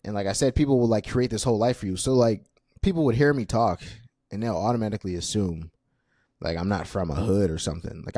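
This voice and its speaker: A man's voice: lowish voice, brisk, mellow, no room sound, clean studio sound. A young man in his twenties hosting a casual solo podcast, chatty and self-deprecating with lots of fillers. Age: 20s. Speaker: podcast host.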